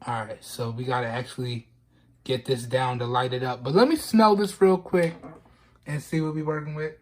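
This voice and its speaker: A man's voice: mid-range voice, normal speed. Emotional man fighting back tears. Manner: casual, peppers talk with "man" and "y'all", repeats words. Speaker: vlogger reviewing products. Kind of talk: casual vlog unboxing.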